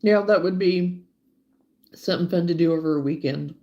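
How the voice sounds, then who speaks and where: A woman's voice: on the low side, moderate pace, mellow, muffled recording. A woman with an Arkansas accent hosting a casual livestream, chatting and laughing as she answers viewers by name. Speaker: livestream host.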